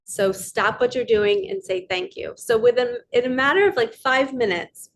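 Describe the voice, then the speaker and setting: A woman's voice: on the high side, normal speed, noisy background. A woman in her thirties, a spiritual coach, talking casually and earnestly, stressing and repeating short phrases. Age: 30s. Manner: earnest, emphatic, repeats mantras. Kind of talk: casual inspirational monologue.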